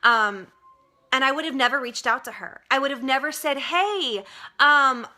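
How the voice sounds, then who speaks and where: Recorded on a webcam, a young woman with a high, bright, forceful voice speaks a little fast. As a direct-sales distributor, she gives an earnest, emotional personal testimonial full of fillers and becomes tearful as she goes.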